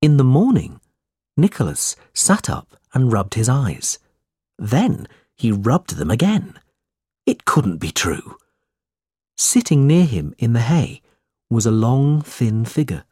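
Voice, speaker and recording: A man narrating a storybook in a slow, expressive reading style. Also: medium pitch, slightly rough, no room sound, studio quality.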